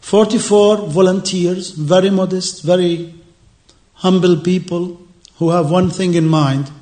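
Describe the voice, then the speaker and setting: A man, giving an earnest, emotional public speech on a panel in halting, repeated phrases. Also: sits high, steady tone, dark tone. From Palestine. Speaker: activist speaker.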